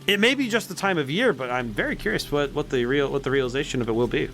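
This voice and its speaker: A man's voice: fairly high pitch, sing-song, brisk, a bit bright, faint music behind. Rambling man streaming a game. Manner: rambling, musing aloud. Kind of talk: casual let's-play commentary.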